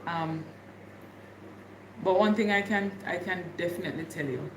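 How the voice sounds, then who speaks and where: A woman's voice: lowish voice, normal speed, roomy sound, noisy background. A woman from Jamaica with a Jamaican accent, chatting casually with viewers on her livestream and laughing often. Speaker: livestream host.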